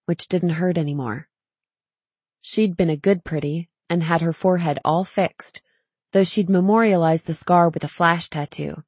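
A woman's voice: on the low side, no room sound. Woman narrating a novel, dry sound. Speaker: audiobook narrator. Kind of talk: scripted narration.

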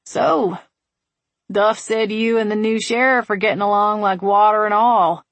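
A woman voicing a wry, patient man with a dry, steady, gently teasing manner. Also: mid-range voice, a little slow, no room sound, close to an everyday voice.

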